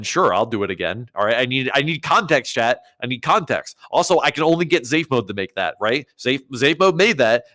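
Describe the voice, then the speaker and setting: Young man, stream co-host, casual chat, animated pitch, rambling jokes, frequent restarts. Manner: rambling, joking, many restarts.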